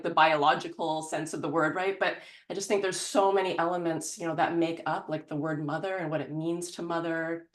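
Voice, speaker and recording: A woman teaching a casual guided meditation from her home over a video call, in an informal, chatty and gently encouraging way. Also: fairly low pitch, echoey room.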